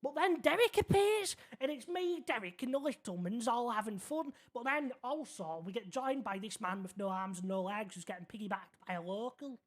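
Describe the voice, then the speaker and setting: This streamer's mid-range voice is animated and lightly acted, running at normal speed with hardly any pauses. In character as a naive young man in a city roleplay game, he rambles earnestly through a long tale and makes sure the listener keeps up.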